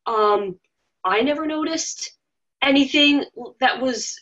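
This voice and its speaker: A woman guest on an interview, talking in a rambling, animated way and acting out quoted voices. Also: high-pitched, slow, muffled recording. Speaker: interview guest, former reality show contestant. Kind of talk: casual interview talk.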